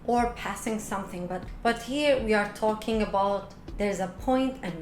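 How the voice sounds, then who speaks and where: A woman English teacher explaining quiz answers in slow, careful steps. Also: medium pitch, a little mellow. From Turkey. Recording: echoey room with faint noise.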